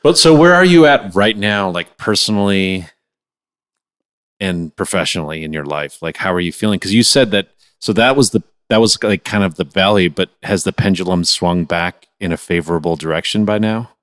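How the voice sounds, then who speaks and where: A man's voice: low voice, expressive, moderate pace, fairly bright tone. A man hosting a casual interview, asking probing follow-up questions. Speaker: podcast host.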